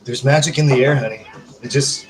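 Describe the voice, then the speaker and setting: A man's voice: mid-range voice, fairly quick. Crude, joking man chatting on a live stream. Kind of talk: casual live-stream chat. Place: home.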